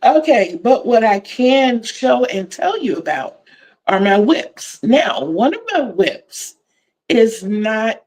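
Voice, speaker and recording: A woman's voice: a little high, sing-song, slow pace, a little mellow, low-quality recording. An older woman from Virginia, hosting a casual crochet livestream in a chatty, effusive way and repeating words for emphasis. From Virginia, USA.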